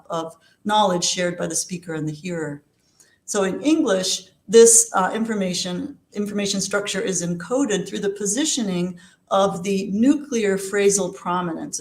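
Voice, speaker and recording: A woman giving an academic lecture on linguistics, explaining in a measured way with frequent ums and uhs. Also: mid-range voice, roomy sound.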